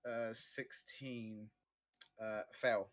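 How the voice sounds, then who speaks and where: A man's voice: on the low side, flat delivery, extremely slow. A man narrating a tabletop game as game master, describing scenes in a loose, improvised way over a close desk mic.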